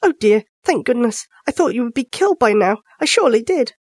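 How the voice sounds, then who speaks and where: A man doing a high fretful little mouse. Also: animated, fairly quick, darkish tone, no room sound, clean studio sound. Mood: worried. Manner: high fluttery worried voice. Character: small fretful mouse, old-fashioned.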